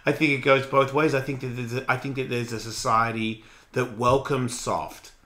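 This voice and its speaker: A man in his forties hosting a radio show, talking in a casual, blunt, profane and animated way. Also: medium pitch, moderate pace. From Australia. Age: 40s. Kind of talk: casual chat.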